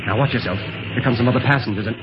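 An actor playing a commanding adult male secret agent, brisk and authoritative, in old radio drama style. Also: medium pitch, natural voice. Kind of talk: 1930s radio drama acting. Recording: dull old radio recording with hiss.

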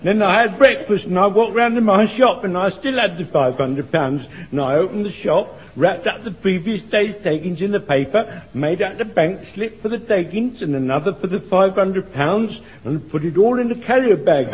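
A fussing old shopkeeper soldier. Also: male voice, sits high, animated, normal speed, few pauses, slightly rough. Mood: flustered. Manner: eager, stammering, repeats himself. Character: elderly flustered male shopkeeper soldier. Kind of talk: radio sitcom acting. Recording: dull lo-fi radio recording.

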